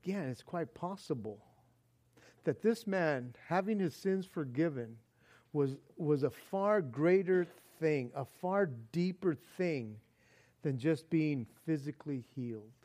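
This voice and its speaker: High-voiced male preacher, animated storytelling. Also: measured pace. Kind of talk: sermon.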